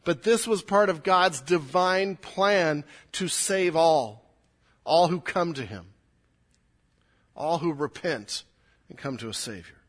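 A man preaching a sermon to a church congregation, his voice sitting a little higher than most men's. He speaks earnestly and with emphasis, and he often repeats a word or phrase as he builds toward a point. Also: slow, fairly bright tone. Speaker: pastor.

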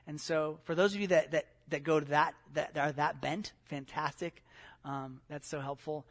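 A man's voice: on the high side, fairly bright tone. A middle-aged man giving a conversational sermon as a pastor, with many fillers and restarts.

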